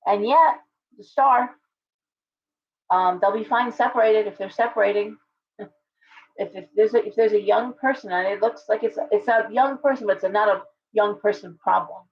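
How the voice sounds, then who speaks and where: A woman's voice: medium pitch, moderate pace. A woman hosting a casual live-stream tarot reading. She talks it through aloud with chatty restarts and greets viewers by name. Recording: dull lo-fi stream audio.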